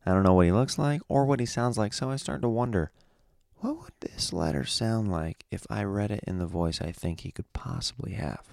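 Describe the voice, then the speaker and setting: A man's voice: lowish voice, moderate pace, gravelly, darkish tone. A young man hosting a podcast in a laid-back, slangy way, with a groggy morning voice. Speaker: podcast host. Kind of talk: casual podcast chat.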